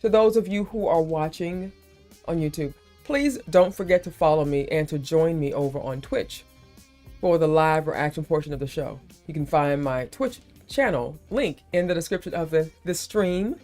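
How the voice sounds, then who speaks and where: An expressive woman in her forties or older hosts a relaxed live stream, her voice sitting a little low and growing loud whenever she gets heated. Soft guitar music plays quietly underneath her. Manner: animated, emphatic, quick to heat up. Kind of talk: casual live stream chat.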